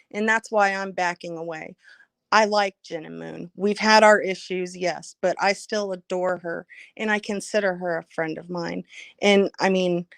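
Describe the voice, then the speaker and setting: A woman's voice: lowish voice, no room sound, clean studio sound. A woman hosting a live stream, talking casually and bluntly, swearing freely and speaking her mind. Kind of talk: casual chat.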